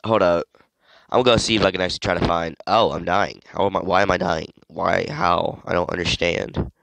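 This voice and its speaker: A man's voice: low-pitched, steady tone, brisk, creaky, a bit bright, no echo. A sick young man rambling through casual gameplay commentary, easily distracted and breaking into sudden yelps. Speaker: gaming video creator.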